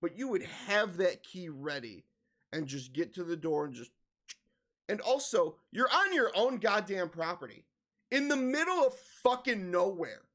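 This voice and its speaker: High-voiced man ranting in exasperation. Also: big pitch swings, unhurried, a bit bright. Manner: exasperated ranting, heavy swearing. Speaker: reaction video host. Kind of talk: comedic reaction commentary.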